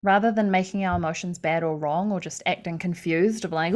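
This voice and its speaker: A woman's voice: lowish voice, moderate pace. Earnest woman life coach talking live. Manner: earnest, conversational, acts out inner thoughts; frequent fillers and soft laughs. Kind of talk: live online coaching session.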